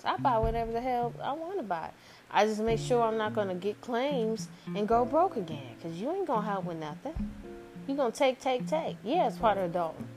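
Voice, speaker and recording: A young woman venting in a casual rant to camera, exasperated, with mocking low-voiced impressions and sudden high-pitched disbelief. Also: very animated, brisk, over music. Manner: exasperated, mocks her mother in a lower voice, rising disbelief.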